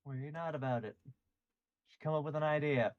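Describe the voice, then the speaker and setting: A woman's voice: low voice, brisk, highs cut off. A woman player in a tabletop game, talking bluntly and impatiently, swearing now and then. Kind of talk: tabletop role-play chat.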